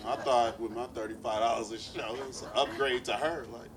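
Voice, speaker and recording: Brash stand-up comic over a loud crowd. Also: male voice, mid-range voice, steady tone, fairly quick. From East Oakland, California. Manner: brash, profane punchlines, playful asides. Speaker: stand-up comedian. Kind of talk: stand-up comedy set. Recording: live club set, distant mic, loud crowd.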